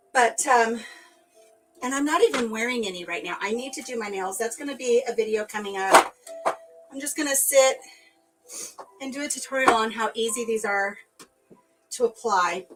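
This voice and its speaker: A woman's voice: a little high, rough recording. A woman vlogger chatting casually to her live viewers while she tidies a craft room. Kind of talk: casual live-stream chat.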